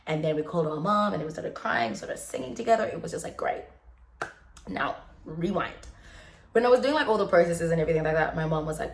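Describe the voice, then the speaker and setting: A woman's voice: lowish voice, quick pace, gravelly, slight background noise. Chatty woman vlogger, echoey room. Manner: chatty and animated, lots of laughing and fillers. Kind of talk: casual chat.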